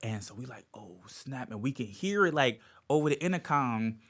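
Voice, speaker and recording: Virginia-raised male comic, guest storyteller, very lively delivery. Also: medium pitch, fairly quick. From Virginia, USA. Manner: animated storyteller, acts out quotes. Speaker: comedian guest. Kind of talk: podcast storytelling. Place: podcast studio.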